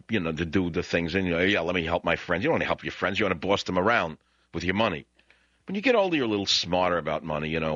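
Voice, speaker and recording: Low forceful New York radio host. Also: male voice, no echo, lo-fi sound. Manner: ranting, sarcastic, with sudden rising outbursts. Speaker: radio talk show host. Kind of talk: opinionated talk radio monologue.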